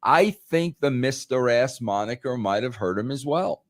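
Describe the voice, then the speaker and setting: A man's voice: medium pitch, expressive, normal speed, no echo, clean studio sound. A man talking in a casual podcast chat, emphatic, repeating words and saying "bro" a lot. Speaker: podcast guest, former wrestling writer.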